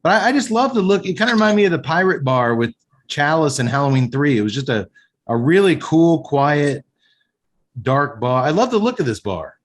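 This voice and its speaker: A man's voice: mid-range voice, big pitch swings, normal speed. A man hosting a podcast, enthusiastically recapping a film scene by scene and giving his opinions. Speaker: podcast host. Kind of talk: casual film recap and review chat.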